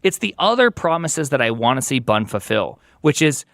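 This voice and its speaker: A man's voice: medium pitch, big pitch swings, moderate pace, fairly bright tone, no room sound, clean studio sound. A man speaking as a guest in a casual podcast conversation, emphatic and opinionated, driving points home by repeating them. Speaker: podcast guest, software engineer.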